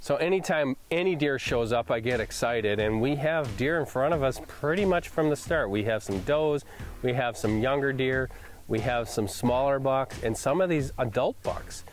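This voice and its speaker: A middle-aged man hosting a hunting show, recapping a hunt in a casual, excitable way. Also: medium pitch, moderate pace. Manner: excitable, enthusiastic storyteller.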